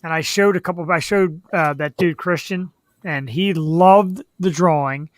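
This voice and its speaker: A woman's voice: fairly low pitch, moderate pace, no room sound. A woman hosting a live web show, chatting casually and rambling with easy laughs. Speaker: show host.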